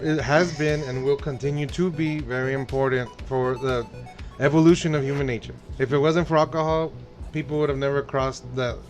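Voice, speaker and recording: A man's voice: medium pitch, steady tone, brisk, faint music behind. A man co-hosting a casual podcast who drops Spanish phrases into his talk and swears freely. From El Paso, Texas. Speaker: podcast co-host. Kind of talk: casual chat.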